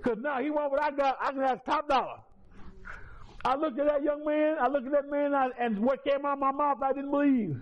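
A man giving a personal testimony in a lively, colloquial storytelling way, with many restarts. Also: very high voice, fairly quick, dull audio. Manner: colloquial, repetitive restarts, chuckles through the story.

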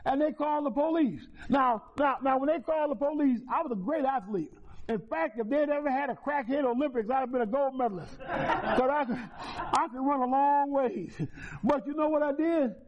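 Speaking at normal speed in an extremely high pitch, this man gives a personal testimony at a recovery meeting, retelling his life in a folksy, repetitive way punctuated by chuckles. The lo-fi recording sounds dull and carries a little hiss or hum.

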